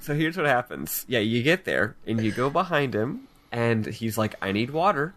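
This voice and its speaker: A man's voice: medium pitch, sing-song, moderate pace, a bit bright. A man chatting casually as a podcast co-host, telling stories with laughs and quoting game characters. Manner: laughing storyteller who quotes game characters. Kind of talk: casual chat.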